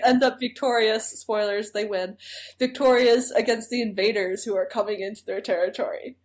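A woman's voice: fairly high pitch, fairly even intonation, moderate pace. A woman co-hosting a podcast, chatting enthusiastically through an episode recap. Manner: chatty, enthusiastic, laughs often. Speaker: podcast co-host. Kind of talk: casual recap chat.

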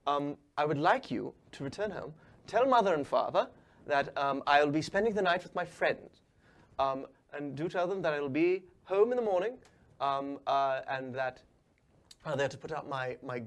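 A prim, fussy young gentleman with a pet pixie, voiced by a man in a tabletop role-play. He speaks with proper, formal politeness in a slightly raised voice. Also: fairly high pitch, lively intonation, a little slow.

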